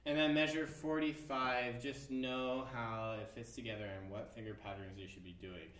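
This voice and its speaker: Far from the mic, a man with a medium-pitched, fairly bright voice teaches the violin part of an orchestra piece, explaining the rhythms and counting beats aloud at a moderate, steady pace. The music lesson sounds roomy and off-mic, with a violin playing behind him.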